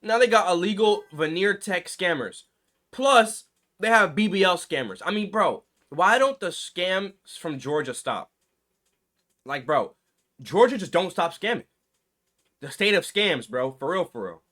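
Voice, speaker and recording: A man's voice: high voice, lively intonation, measured pace, sharp tone. A man giving casual reaction commentary, slangy and full of "bro". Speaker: commentary creator.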